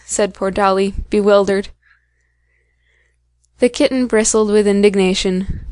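A woman narrating a children's story aloud in a clear, measured way. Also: mid-range voice, fairly even intonation, a little mellow, dry recording.

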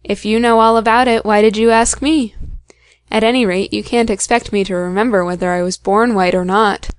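A woman's voice: medium pitch, fairly even intonation, normal speed, clean tone, no room sound, lightly acted. A woman voicing a boastful, touchy white kitten who spins tall tales with sly indignation in a storybook reading. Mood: huffy.

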